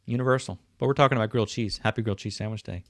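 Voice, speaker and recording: A man's voice: fairly low pitch, racing, dry recording, clean studio sound. A middle-aged man hosting a casual livestream, chatting easily and greeting viewers by name as he reads their comments. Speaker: livestream host. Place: home, indoors. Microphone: webcam setup.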